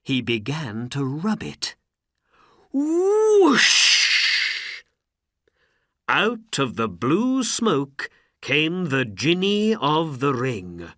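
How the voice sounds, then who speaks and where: A woman narrating a graded storybook in a slow, carefully enunciated reading. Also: rumbling low, very animated, a bit bright, no echo, studio quality.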